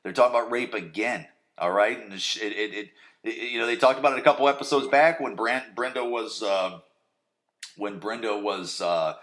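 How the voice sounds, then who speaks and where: Recapping a TV episode on his podcast, a man rambles crudely and keeps asking "right?" along the way. He has a fairly low, fairly bright voice.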